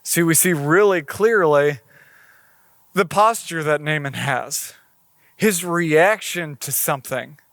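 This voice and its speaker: A man gives a sermon, moving from scripture reading into relaxed, conversational explanation. His voice sits high for a man. The sound is dry and close, with no room echo. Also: slow pace. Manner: conversational preaching, reading scripture aloud with acted quotes. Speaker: pastor.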